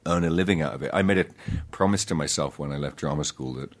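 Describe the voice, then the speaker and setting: Very deep-voiced man telling stories haltingly. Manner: halting, self-interrupting, self-deprecating storytelling. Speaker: guest actor. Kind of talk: casual podcast interview.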